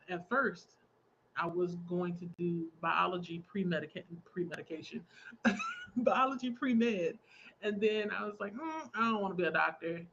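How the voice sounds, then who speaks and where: A woman's voice: fairly low pitch, a bit bright, highs cut off, a little hiss or hum. Chatty woman hosting a craft livestream. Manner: chatty, laughs often, reads out viewer comments. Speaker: livestream host. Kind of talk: casual chat while crafting.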